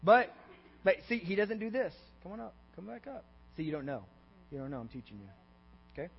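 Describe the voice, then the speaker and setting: With a high, creaky voice, brisk delivery, and big swings in pitch, a pastor preaches interactively, constantly asking the congregation questions and saying "okay?" and "all right?". It's recorded in a church sanctuary, dull and echoey, with mains hum.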